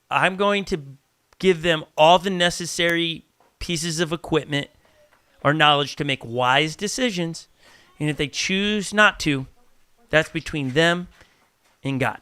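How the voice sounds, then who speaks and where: A man, a pastor hosting a casual church podcast, talking in an animated way, acting out little dialogues and often restarting his sentences. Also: on the high side, smooth, dry recording. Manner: animated, acts out quoted dialogue, frequent restarts. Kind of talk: casual chat.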